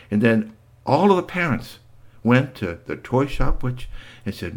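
A man telling an improvised story to a child, animated and playful, swinging from squeals to hushed tones. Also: medium pitch, normal speed.

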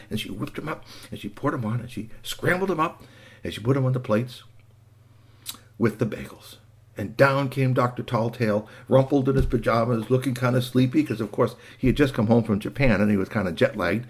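A man narrating a children's story in an animated way, adding sound effects and asides. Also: medium pitch, fairly quick, slightly rough.

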